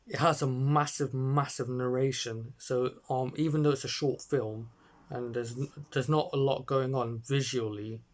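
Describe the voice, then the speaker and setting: A man talks through a short film review, hesitant and rambling, with constant fillers and restarts. He sits at a phone or webcam mic, and his voice sits at an ordinary middle pitch. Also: steady tone, normal speed.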